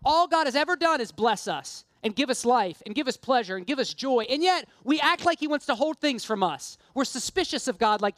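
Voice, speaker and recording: A woman's voice: high-pitched, animated, normal speed, a bit bright, dry recording, studio quality. A woman preaching a sermon, earnest and impassioned, mixing casual self-deprecating asides with emphatic appeals.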